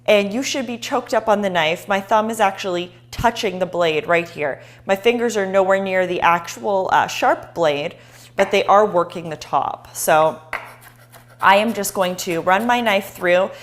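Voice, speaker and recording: A woman's voice: mid-range voice, unhurried. Woman, cooking show host, chatty, encouraging, live kitchen demo. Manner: chatty and encouraging, talking to viewers.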